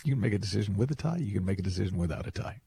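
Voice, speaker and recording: A man hosting a call-in radio show, talking in a playful, animated storytelling way. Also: racing. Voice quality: deep gravelly voice. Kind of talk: conversational radio monologue.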